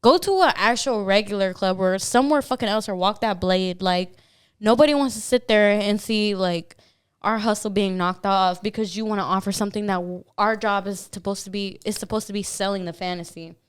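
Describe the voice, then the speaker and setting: A woman's voice: medium pitch, a little fast, clean tone. Blunt young woman telling wild stories. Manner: blunt, profane, animated storytelling. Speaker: podcast guest, dancer. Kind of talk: casual storytelling chat.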